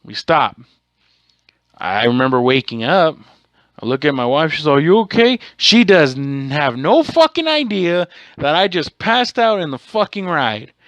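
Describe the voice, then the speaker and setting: A man's voice: mid-range voice, lively intonation, measured pace, fairly bright tone, no echo. Rambling, cursing man telling a story. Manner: rambling, profane, self-correcting. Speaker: podcast host. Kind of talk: casual storytelling monologue.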